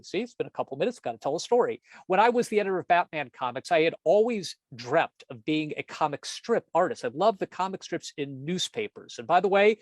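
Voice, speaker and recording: A man, a comics editor and cartoonist, giving a storytelling presentation with jokey asides and animated self-interruptions. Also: fairly high pitch, dry recording.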